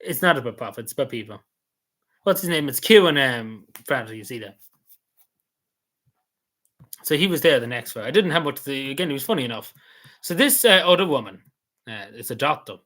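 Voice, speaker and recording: A man's voice: medium pitch, lively intonation, brisk, pauses often, fairly bright tone. A man, casually recapping an event he attended, rambling and repeating himself with many fillers. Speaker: vlogger.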